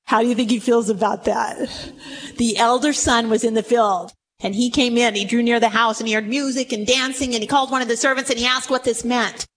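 High-voiced woman preaching a dramatic sermon. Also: fairly even intonation, brisk, in a large hall. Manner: dramatic, emphatic storytelling, swings low for asides. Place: church or meeting room with a group.

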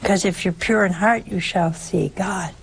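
A woman's voice: on the low side, unhurried, creaky, a little hiss or hum. An older woman giving a conversational sermon, emphatic and full of rhetorical questions. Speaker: preacher.

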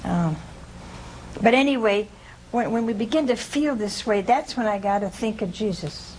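A woman giving an informal scripture teaching to a small group, conversational and humorous, often pausing to ask her listeners "See?". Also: mid-range voice, lively intonation, darkish tone, a little hiss or hum, low-quality recording. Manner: conversational, keeps asking "See?" and questioning listeners; homespun humor, laughs at her own jokes. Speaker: religious teacher.

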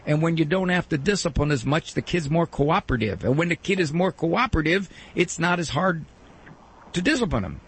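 A middle-aged man hosting a call-in advice show, lecturing emphatically with a gravelly voice. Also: on the high side, expressive, a little hiss or hum. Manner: emphatic, lecturing, breaks into quick mock quotes. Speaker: radio advice host.

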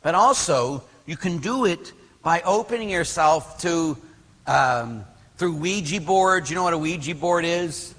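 Husky-voiced priest preaching in a reverberant hall. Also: male voice, on the high side, measured pace. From Pittsburgh. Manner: animated storyteller acting out quotes, many fillers. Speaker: Catholic priest. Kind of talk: storytelling sermon.

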